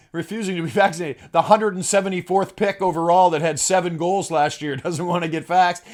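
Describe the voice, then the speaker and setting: Male comedy host, slightly high voice, sarcastic and crude, laughs at his own gags. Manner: crude, swears freely. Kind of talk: comedic sports monologue.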